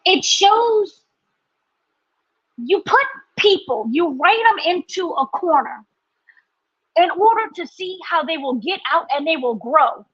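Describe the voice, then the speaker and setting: Exasperated high-voiced woman ranting. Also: slow, pauses often, dry recording. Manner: animated, exasperated ranting with mock quotes. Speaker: podcast co-host reviewing a TV episode. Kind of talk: casual ranting review. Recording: dry, slightly dull podcast audio.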